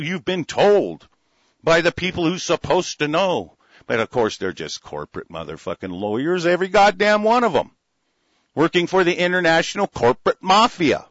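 A man's voice: medium pitch, a bit bright, no echo. A man ranting angrily in a profane commentary, cursing heavily and stumbling over restarts. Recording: dull lo-fi recording.

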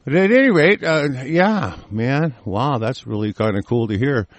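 A man's voice: medium pitch, lively intonation, normal speed, dry recording. A man from the United States giving a heated, profane rant and reading news aloud in between. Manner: profane, heated, swearing constantly. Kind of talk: angry ranting monologue, reading news aloud.

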